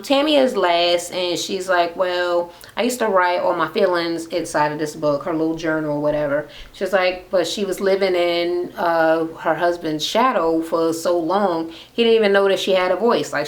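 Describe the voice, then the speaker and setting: A woman's voice: lowish voice, normal speed, few pauses. A woman casually recapping a reality TV episode in a blunt, sarcastic, swear-filled rant. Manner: blunt, sarcastic, heavy swearing, animated retelling. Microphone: camera mic.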